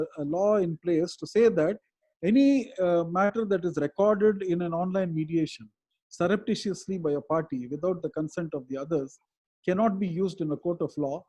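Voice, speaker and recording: A man's voice: high voice, dark tone. A man, an advocate answering webinar questions in a thoughtful, explanatory way over a video call. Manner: thoughtful, explanatory, with hesitant pauses.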